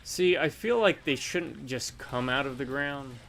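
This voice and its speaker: A man's voice: mid-range voice, measured pace, vocal fry, fairly bright tone, a little hiss or hum. A man co-hosting a casual co-op gameplay video, chatting laid-back and sharing trivia. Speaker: gaming channel co-host.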